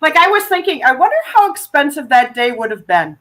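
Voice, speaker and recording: A woman guest on a podcast, chatting casually about a movie, chatty with halting restarts. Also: sits high, big pitch swings, fairly bright tone, low-quality recording. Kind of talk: casual movie review chat.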